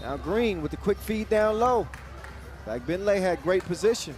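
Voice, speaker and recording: A man calling a basketball game live, quick and jokey, with excited bursts on big plays. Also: high voice. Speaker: play-by-play commentator. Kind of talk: live sports commentary. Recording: commentary over loud arena music and crowd.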